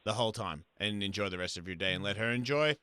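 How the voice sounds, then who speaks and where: A man's voice: lowish voice, animated, quick pace, bright, forceful tone, clean tone, no echo. A man hosting a call-in radio show, blunt, profane and needling his callers. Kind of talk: brash call-in radio banter. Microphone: studio microphone.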